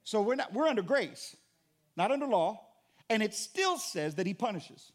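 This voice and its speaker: High-voiced, animated preaching pastor. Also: male voice, normal speed. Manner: animated, conversational preaching with joking asides to the congregation. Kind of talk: sermon.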